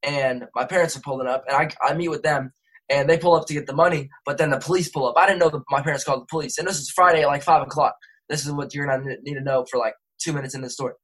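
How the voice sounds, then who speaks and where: Young male rapper, rapid slangy storyteller who keeps correcting himself. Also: a little high, steady tone, a bit bright, breathy edge, poor audio. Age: young adult. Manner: rambling, self-correcting, slangy. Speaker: interview guest, rapper. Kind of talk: casual storytelling.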